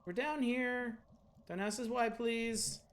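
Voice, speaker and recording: A man voicing an excitable young adult male fox from a game, speaking high, loud and eager. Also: takes it slowly, heavily acted. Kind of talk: game dialogue read aloud.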